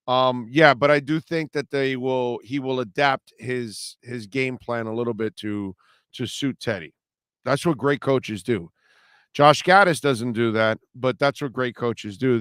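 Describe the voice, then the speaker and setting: A man's voice: medium pitch, clear, resonant tone, dry recording, studio quality. A man hosting a sports talk show, talking casually and animatedly, often restarting his sentences. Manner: animated, laughing, rambling with restarts. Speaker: sports radio host.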